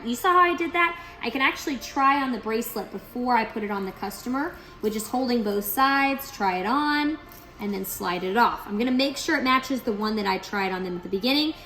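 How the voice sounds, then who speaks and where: A woman's voice: fairly high pitch, pushed and bright. Upbeat woman trainer demonstrating bracelet beading. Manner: upbeat, instructive, checks in with listeners. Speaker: store trainer.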